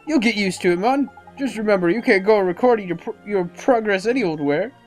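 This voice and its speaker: A gamer reading a cheeky little male fairy sidekick's lines in a raised, animated voice. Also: medium pitch, brisk, faint music behind, pitched above the performer's own voice, natural voice. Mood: chipper.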